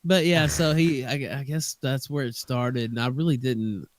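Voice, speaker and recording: A man's voice: mid-range voice, fairly even intonation, moderate pace, no echo. A man speaking as a guest on a casual online call, telling his story at length. He rambles and hedges and keeps restarting his sentences. The sound is dry and close, recorded over a voice call. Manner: rambling, hedging, many restarts. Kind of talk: casual stream chat.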